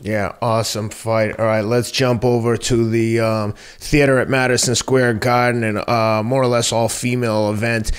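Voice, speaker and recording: A man co-hosts a boxing podcast and recaps a fight. He talks in a relaxed, easygoing way and laughs easily. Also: mid-range voice, normal speed, hardly any pauses, clean tone. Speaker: podcast co-host. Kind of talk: casual sports talk.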